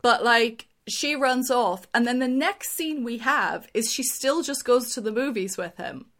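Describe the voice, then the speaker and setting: A woman's voice: a little high, unhurried, a bit bright. A young woman in casual chat, talking in long runs with many restarts.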